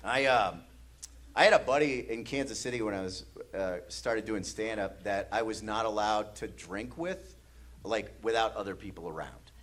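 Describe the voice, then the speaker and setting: A man's voice: on the low side, normal speed, a bit bright, slight background noise. A man from the Midwest doing stand-up comedy, telling anxious stories in a manic, rambling way on a comedy club stage.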